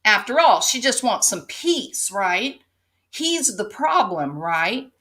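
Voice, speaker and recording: A woman's voice: medium pitch, big pitch swings, slow, bright, forceful tone. A woman hosting an opinion commentary, sarcastic and pointed, driving her case with rhetorical "right?" questions. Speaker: commentary show host.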